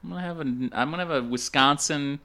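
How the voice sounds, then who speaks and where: A man's voice: fairly high pitch, fast, pushed and bright. A man from Minnesota chatting casually on a podcast, telling rambling, jokey stories. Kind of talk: casual chat.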